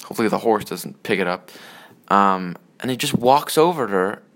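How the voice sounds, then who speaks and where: A man's voice: fairly low pitch, moderate pace. An adult man in a casual, rambling rant about old movies, swearing often and getting worked up. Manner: profane, rambling, excitable.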